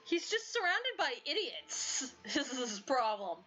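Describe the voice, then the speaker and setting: A woman's voice: high voice, very animated, measured pace, bright, forceful tone. A woman in casual, chatty commentary as she plays a visual novel, giggling at the story. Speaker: video game let's player. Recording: dull lo-fi audio, faint music.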